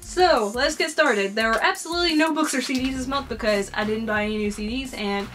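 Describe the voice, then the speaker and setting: A woman's voice: high-pitched, brisk, fairly bright tone, faint music behind. Chatty Southern American young woman. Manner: chatty and gushing, with fillers. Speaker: vlogger. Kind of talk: casual chat.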